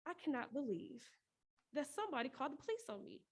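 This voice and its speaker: A woman with a high, light voice performs a spoken word piece framed as a prayer. She speaks earnestly and pleadingly, and laughter keeps slipping into her lines. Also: big pitch swings, quick pace. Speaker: poetry performer.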